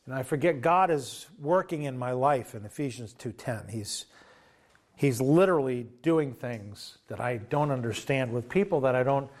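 A man's voice: mid-range voice, normal speed, a little mellow. A man preaching a sermon, retelling a story in a loose conversational way and acting out the quoted dialogue. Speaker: pastor.

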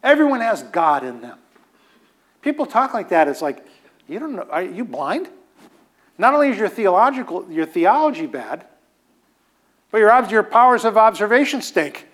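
A male preacher with a fairly high voice teaches in a loose, conversational sermon style. He hammers points home by repeating key phrases and drops casual asides as he goes. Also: very animated, moderate pace, a bit bright. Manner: emphatic, repeats phrases for stress.

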